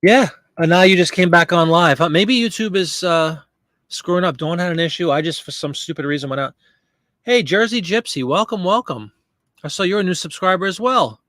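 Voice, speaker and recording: Chatty live-stream host, dry close sound. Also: male voice, high voice, fairly quick, a bit bright, no echo. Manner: chatty, reads and answers viewer comments while working. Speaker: live stream host listing items for sale. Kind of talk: casual live-stream chat.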